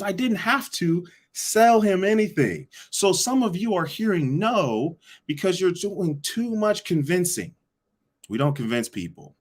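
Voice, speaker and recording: A man teaching a live online sales session, energetic and repetitive, asking the audience to answer back. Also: high voice. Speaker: sales coach.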